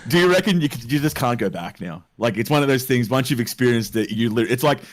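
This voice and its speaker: A man's voice: mid-range voice, lively intonation, fast. An Australian man co-hosting a podcast, joking in laid-back casual banter. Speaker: podcast co-host. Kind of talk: casual chat.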